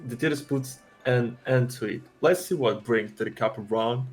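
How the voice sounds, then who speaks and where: A rowdy man jokes and swears through a game stream and reads the characters' lines aloud. He keeps trying out accents for them, speaks at an ordinary middle pitch, and faint music plays behind him. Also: moderate pace. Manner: loud, joking, tries character accents. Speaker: co-player reading character lines. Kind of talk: casual game stream chat.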